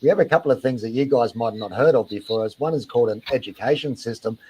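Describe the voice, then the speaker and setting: Husky Australian man, mocking and exasperated. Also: medium pitch, fast talker, warm tone, rough recording. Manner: mocking, exasperated, swears freely. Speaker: streamer reacting to videos. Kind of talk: sarcastic reaction commentary.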